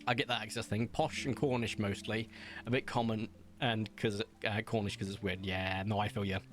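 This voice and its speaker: With a lowish voice, fairly even intonation, and a moderate pace, a young man from Somerset, England, casually chats on his game livestream over faint background music. He's self-deprecating, and his English West Country accent shifts between posh and broad.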